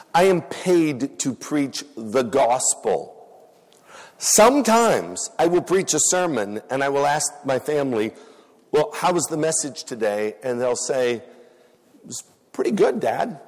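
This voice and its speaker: A man's voice: medium pitch, a little mellow. A man preaching a sermon as a pastor, telling stories with earnest emphasis and repetition. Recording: reverberant hall.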